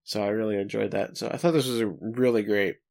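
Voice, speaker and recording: A man co-hosting a casual podcast, talking in a playful, teasing way with quick asides. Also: lowish voice, fairly even intonation, vocal fry, darkish tone. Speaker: podcast co-host.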